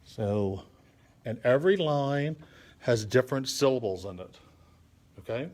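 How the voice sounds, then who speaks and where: This art and poetry instructor for children counts syllables out loud, unhurried and patient, while drawing during a live-streamed lesson. His voice is medium in pitch, expressive and a little mellow.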